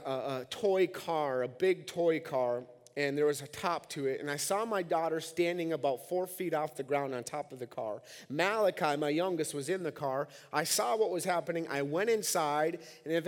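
A man in his thirties from Minnesota with a Minnesotan accent, preaching a sermon and swinging from quiet, low talk to shouted cries. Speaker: pastor. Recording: long echoing hall reverb.

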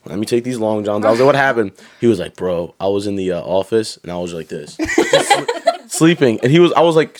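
A young man telling stories in a casual chat, animated and swearing, acting out drill instructors. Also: lowish voice, fast talker, a little hiss or hum. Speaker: guest.

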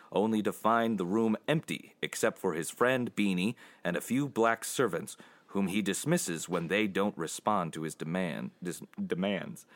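A man casually recapping an old film's plot for his co-hosts, rambling with restarts and frequent laughs. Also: lowish voice. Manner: rambling, laughs often, puts on quick voices for quotes. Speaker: podcast co-host summarizing a film. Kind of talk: casual chat.

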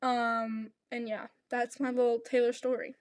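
A young woman with a high voice co-hosts a casual chat, recorded close and dry. She is chatty and playful, tossing in quick asides. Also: level tone, dry recording. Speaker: podcast co-host.

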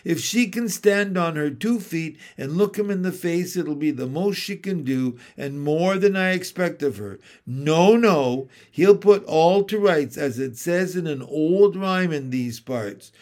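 A man's voice: a little high, animated, measured pace, few pauses, a little mellow, pitched above the performer's own voice. A man reading aloud from a storybook, voicing a hearty but gloomy male talking beaver with folksy, earnest speech.

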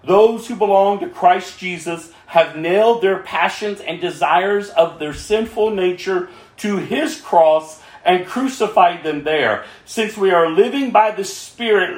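A man preaching a sermon as pastor, swinging from fervent cries to quiet pleading. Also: high voice, unhurried, few pauses, echoey room.

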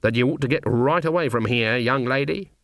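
A man's voice: mid-range voice, a little fast, fairly bright tone, no echo, close to an everyday voice. Man doing a curt bossy old witch, no nonsense, dry close mic. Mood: stern. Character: stern, commanding elderly witch.

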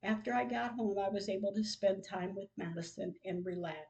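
A woman's voice: medium pitch, fairly quick, vocal fry, a little mellow, lo-fi sound. A woman hosting a podcast, reading her own diary entries aloud in a grieving, emotional way. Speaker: podcast host.

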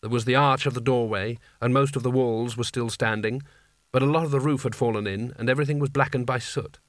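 A man's voice: medium pitch, steady tone, a little fast, no room sound. Man narrating an audiobook, dry sound. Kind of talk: scripted narration.

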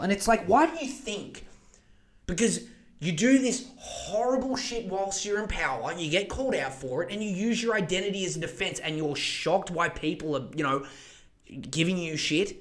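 A young man hosts a podcast with a fairly high voice and a heated, profane delivery. He gets more passionate as he talks and rushes ahead when worked up. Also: a bit bright. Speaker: podcast host. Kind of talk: casual political rant.

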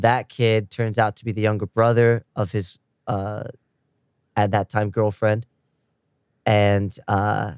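A man's voice: on the low side, a little mellow, smooth, no room sound, studio quality. A man casually recapping the plot of a show's first episode, slipping now and then into the characters' quoted lines as he tells it.

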